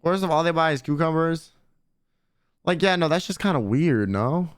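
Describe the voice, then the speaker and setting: A man's voice: a little high, expressive, moderate pace, clean tone. A young man streaming and chatting casually with viewers in a blunt, slangy way, swearing often.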